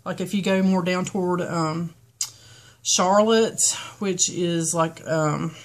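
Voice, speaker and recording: Southern woman from the carolina foothills, kinda low voice, rambly makeup chat with lots of ums. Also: steady tone, slow pace. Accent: Southern US, North Carolina foothills, toned down. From western North Carolina, US. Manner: chatty, rambling, frequent ums and restarts. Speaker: beauty vlogger. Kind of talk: casual get-ready-with-me chat.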